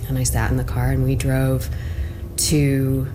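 A woman in her thirties telling her own story in an interview, casual and halting with lots of fillers. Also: extremely low pitch, monotone, background noise. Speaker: interviewee recounting her arrest.

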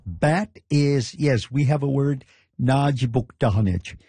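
A man's voice: medium pitch, a little slow, mellow, husky, no room sound. A man being interviewed, patiently explaining and repeating words from his language. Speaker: interview guest. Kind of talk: casual interview.

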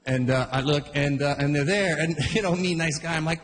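A man's voice: on the high side, brisk, fairly bright tone. A man doing stand-up, telling a rambling, conversational story with stammered restarts. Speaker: stand-up comedian. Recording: echoey hall with background noise.

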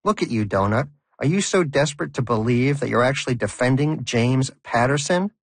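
A man's voice: mid-range voice, animated, fairly quick, dry recording, pitched above the performer's own voice. A man voicing a skeptical, hot-tempered male pet hamster who talks in an exasperated, incredulous way over background music. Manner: exasperated, incredulous, raised and sharp.

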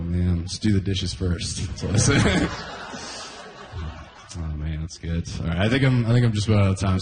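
A man's voice: fairly low pitch, darkish tone, reverberant, a little hiss or hum. A young man from Canada doing a stand-up routine, laughing at his own jokes as he goes. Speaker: stand-up comedian.

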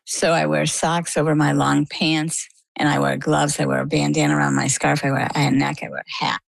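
A woman with a heavily gravelly, creaky voice tells her own story in a relaxed interview. She talks animatedly and slips into quoted dialogue. The sound is dry and close. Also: low voice, brisk, dry recording, low-quality recording. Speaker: guest sharing a personal health story. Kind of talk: conversational interview answers.

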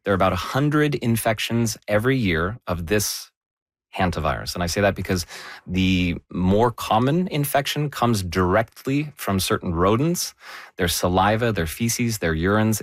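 A man presenting health news in a measured, explanatory way, stressing key words. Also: fairly low pitch, animated, dry recording, clean studio sound. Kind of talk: conversational news discussion.

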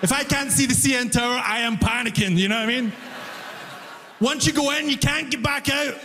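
A man's voice: extremely high pitch, brisk, big-room sound, slight background noise. A man performing stand-up, telling stories and acting out the people in them. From immigrant to Canada. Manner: animated storytelling, acts out voices. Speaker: stand-up comedian. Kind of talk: stand-up routine.

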